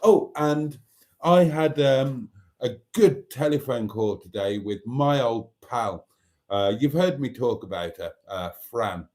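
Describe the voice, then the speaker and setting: A man's voice: medium pitch, animated, takes it slowly, darkish tone. Male live-stream host, casual and chatty, reads comments aloud.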